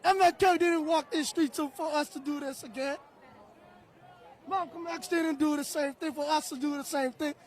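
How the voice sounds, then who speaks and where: A man protesting on a city street, angry and shouting, repeating himself. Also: very high voice, fairly even intonation, moderate pace. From outside the United States. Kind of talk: impassioned street interview. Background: crowd.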